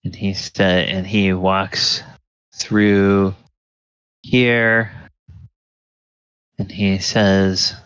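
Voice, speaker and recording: Deep, slow-talking game master. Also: male voice, level tone, fairly bright tone, smooth, no echo, dull audio. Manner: halting, filler-heavy description. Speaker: dungeon master. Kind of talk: narrating a tabletop game.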